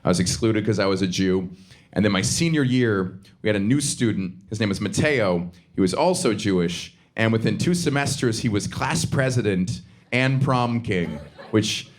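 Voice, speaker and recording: A young man from the Southern United States doing stand-up comedy, quick and animated, dropping into put-on voices for bits. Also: on the low side. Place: theater stage before a laughing audience. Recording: live show with clear audience noise.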